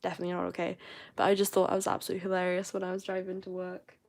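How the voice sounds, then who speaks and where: A woman's voice: fairly low pitch, completely flat delivery, racing, darkish tone. A young woman with a posh southern English accent, chatting casually and rambling as host of a live stream. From southern England.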